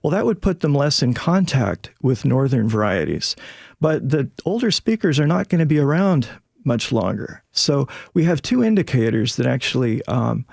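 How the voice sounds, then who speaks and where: A man's voice: medium pitch, creaky, no echo, clean studio sound. A male linguistics professor explaining things in a radio interview, with many fillers.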